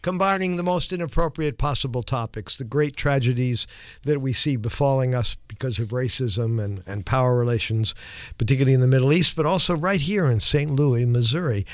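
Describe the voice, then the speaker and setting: A man hosting a call-in radio show, wry and measured, speaking from a studio microphone. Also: mid-range voice, dry recording.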